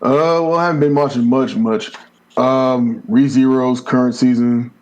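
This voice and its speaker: A man's voice: medium pitch, steady tone, a little slow, darkish tone. Hesitant man on a dull lo-fi mic. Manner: hesitant, many ums. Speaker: podcast co-host. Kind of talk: casual chat. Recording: dull lo-fi sound.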